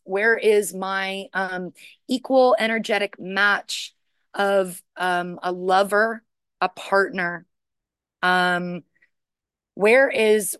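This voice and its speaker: A woman's voice: on the low side, dry recording, clean studio sound. A woman sharing her recovery story, searching and repetitive, with many restarts and rising emotion. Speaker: recovery speaker. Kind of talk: personal share talk.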